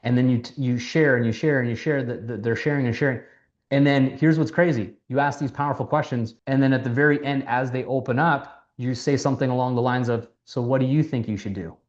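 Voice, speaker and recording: Male mentor, mid-pitch, loose and animated, casual swearing, lo-fi sound. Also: fairly quick. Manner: animated, acts out quoted dialogue, swears casually. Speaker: mentor teaching sales. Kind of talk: casual coaching talk.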